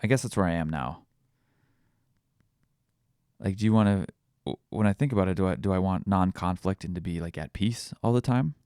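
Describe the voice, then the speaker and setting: Low raspy guy rambling thoughtfully, dark mellow tone, keeps restarting his sentences. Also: fairly quick, long pauses, dry recording, clean studio sound. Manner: musing, searching for words with many restarts. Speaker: podcast host. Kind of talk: casual reflective monologue.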